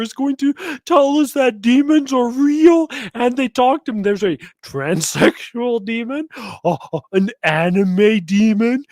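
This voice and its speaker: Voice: mid-range voice, darkish tone, dry recording, studio quality. A commentary host reacting to a clip with mocking, laughing sarcasm.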